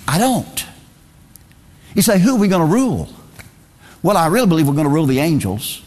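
Man, preacher, emphatic sermon, slightly high voice, long hall reverb. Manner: emphatic, repeats key phrases.

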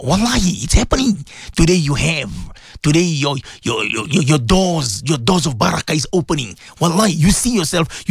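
A male radio presenter giving an impassioned sermon, emphatic and repetitive, dropping low and solemn then rising to high exclamations. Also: no echo, clean studio sound.

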